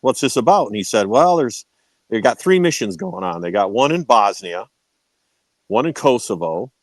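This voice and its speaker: A man talking casually as a podcast guest, loose and relaxed with plenty of fillers. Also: fairly low pitch, moderate pace, no room sound. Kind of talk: casual interview chat.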